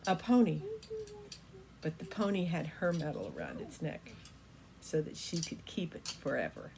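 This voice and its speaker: An older woman telling an improvised bedtime story in a gentle, folksy way as a grandmother storyteller. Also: low-pitched, huge pitch swings, normal speed, gravelly, background noise. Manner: gentle, folksy, with fillers like "kinda" and "you know".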